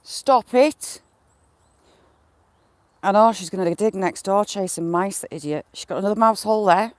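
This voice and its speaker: Speaking fast in a mid-range voice with no echo, a smallholder live-streams from a yard beside a field. Between chores they chat casually with viewers and animals, swearing mildly, as birds and chickens sound around them.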